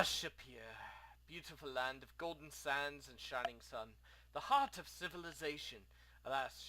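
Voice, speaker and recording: A man's voice: medium pitch, bright, forceful tone, poor audio. A man doing a mournful exiled merchant. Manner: lamenting, melodramatic. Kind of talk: reading game dialogue aloud.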